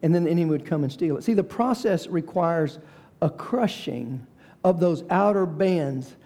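A male preacher with a high but mellow voice delivers a sermon. He tells the story dramatically. He slows down and drops to near whispers for emphasis. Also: animated. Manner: dramatic storytelling, varies pace and volume.

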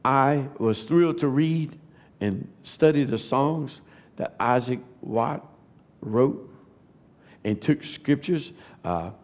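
A man, giving a testimony sermon that builds to fervent shouting. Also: mid-range voice, lively intonation, takes it slowly, long pauses. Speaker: preacher.

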